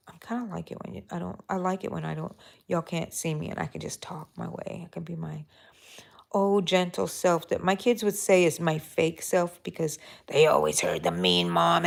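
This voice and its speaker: A middle-aged woman hosting a live crochet tutorial, talking softly and mellowly, sometimes drifting into a whisper as she works. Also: fairly low pitch, expressive, normal speed, creaky. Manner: soft, mellow, drifting into whispers while counting stitches. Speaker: crochet channel host.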